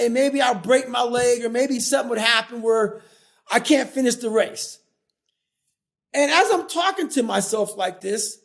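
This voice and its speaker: A man in his forties tells a story as a podcast guest, driving hard on every point and swearing freely. His voice sits very high for a man, with a gravelly, rough edge. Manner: intense, profane, emphatic. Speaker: guest, former Navy SEAL and endurance athlete.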